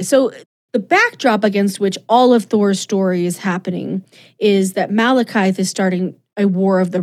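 A woman's voice: mid-range voice, a little mellow. A woman co-hosting a podcast, retelling a story in casual, enthusiastic chat full of fillers. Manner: enthusiastic, gushing, chatty with many fillers.

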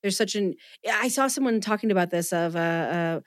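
A woman's voice: mid-range voice, moderate pace, no room sound. Enthusiastic woman, dry close sound. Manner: enthusiastic, self-deprecating, rambling restarts. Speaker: podcast co-host. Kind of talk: casual chat.

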